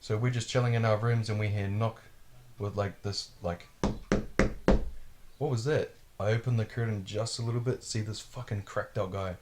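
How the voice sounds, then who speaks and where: Podcast host, man, lowish voice, loose, swearing storyteller who acts out the people in his story. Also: moderate pace, noisy background. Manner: profane, animated, acts out quotes. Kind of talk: casual storytelling.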